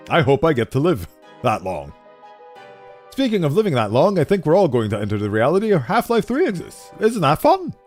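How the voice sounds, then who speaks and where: A male game streamer chatting casually as he plays, animated and self-deprecating, laughing often. His voice is a little high and swings widely, with faint music underneath. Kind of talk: casual commentary while playing.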